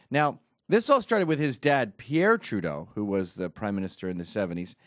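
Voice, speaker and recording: A man's voice: mid-range voice, dry recording, studio quality. A man from Britain giving a sarcastic, mocking comedic rant over a video clip. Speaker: commentator.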